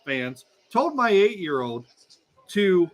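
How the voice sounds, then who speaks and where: Blunt sweary guy ranting on a race livestream, kinda high voice. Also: big pitch swings, slow pace, muffled recording. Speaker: livestream co-host. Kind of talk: casual race-watching chat.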